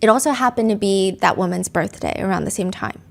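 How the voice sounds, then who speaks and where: A woman's voice: mid-range voice, brisk, creaky. A woman hosting a true crime show, earnestly retelling court testimony and reading text messages aloud. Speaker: host.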